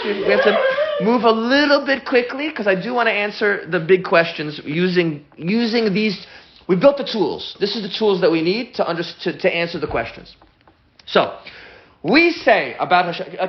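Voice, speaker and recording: A man teaching a lively class as a rabbi at a whiteboard, excitable and often stopping to restart his sentences. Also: sits high, fairly quick, reverberant, dull audio, a little hiss or hum. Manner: excitable, self-interrupting, stumbles over restarts.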